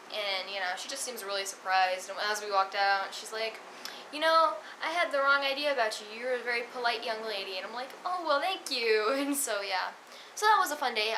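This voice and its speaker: A woman's voice: fairly high pitch, bright, forceful tone, a little hiss or hum, poor audio. A teenage girl telling stories in a casual vlog, chatty with sarcastic asides. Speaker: vlogger.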